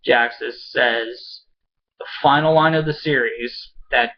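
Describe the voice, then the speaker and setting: A man casually recapping a TV episode at home, excitable and swearing, rambling with lots of fillers. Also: medium pitch, takes it slowly, dull audio, a little hiss or hum. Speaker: show reviewer. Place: home with a pet cat.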